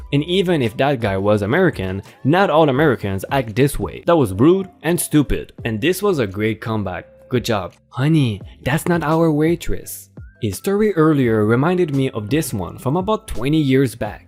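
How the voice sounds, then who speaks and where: A man's voice: mid-range voice, a little mellow. A man hosting a story channel, reading online posts aloud with a hyped delivery.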